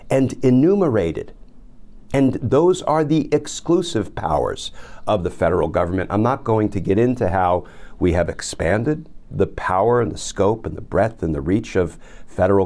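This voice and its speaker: A man with a somewhat low voice hosts a legal commentary podcast. He reads quoted passages aloud and then explains them in plain terms. He adds pointed, sarcastic asides and calls out the person being addressed by name. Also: a little mellow. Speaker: podcast host.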